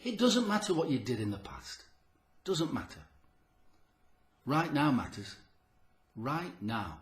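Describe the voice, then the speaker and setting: A man's voice: mid-range voice, big pitch swings, takes it slowly, echoey room. A man giving an earnest, emphatic motivational talk to camera about his health, repeating key phrases and sounding short of breath. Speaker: health vlogger.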